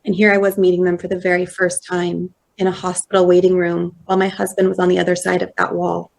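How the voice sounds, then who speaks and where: A woman in her thirties giving a personal storytelling talk at a conference, slow and measured, acting out quoted dialogue. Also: fairly low pitch, monotone, gravelly. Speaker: conference speaker. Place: conference hall.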